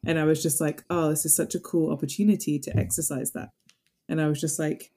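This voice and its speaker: A woman, a podcast guest who was once a golfer and now works in broadcasting, telling lively stories and laughing often in a casual chat. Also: deep voice, brisk.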